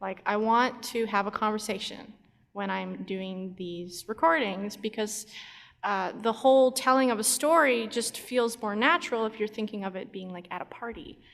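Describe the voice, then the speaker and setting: A woman's voice: medium pitch, normal speed, gravelly, fairly bright tone. A woman on a convention panel talking casually, chatty and giggly, with plenty of fillers. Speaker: animator and YouTuber on a panel. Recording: long reverb of a convention hall.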